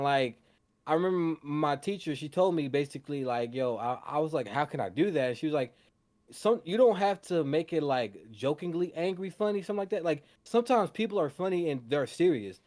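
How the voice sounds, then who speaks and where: A young man in casual chat, his voice sitting a little on the high side for a man. He talks in a loose, animated way, jumping into voices as he retells scenes. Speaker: podcast co-host.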